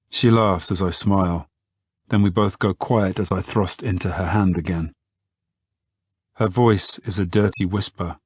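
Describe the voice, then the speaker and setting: Deep husky male narrator. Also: steady tone, no echo. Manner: intimate, unhurried storytelling. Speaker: audiobook narrator. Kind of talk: first-person romance narration.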